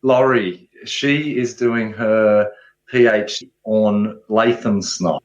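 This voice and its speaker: A man speaks in a fairly low voice, answering questions casually and often restarting his sentences. The sound is dull and muffled, with a noticeable room echo around him. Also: takes it slowly. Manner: relaxed, hesitant restarts. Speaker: guest ecologist. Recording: echoey, dull remote audio.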